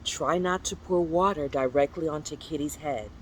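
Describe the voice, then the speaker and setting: A storyteller reading a children's picture book aloud in a playful, animated way, sometimes breaking into high squeaky exclamations. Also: normal speed, slight background noise, low-quality recording.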